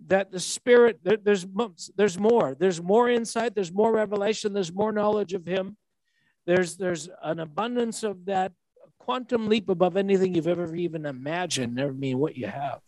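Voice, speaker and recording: Preacher, male, 60s, high voice, dry sound, conversational sermon delivery. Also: no echo, rough recording. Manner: storytelling with laughs and repeated restarts.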